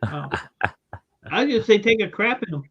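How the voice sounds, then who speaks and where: A man's voice: sits high, expressive, moderate pace, husky, lo-fi sound. A man on a call, chatting bluntly and teasing the others. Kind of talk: casual chat.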